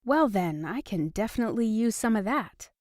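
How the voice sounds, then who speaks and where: A woman's voice: fairly high pitch, lively intonation, moderate pace, a little mellow, dry recording, clean studio sound, close to an everyday voice. A woman voicing a playful, teasing young woman in a romance audiobook.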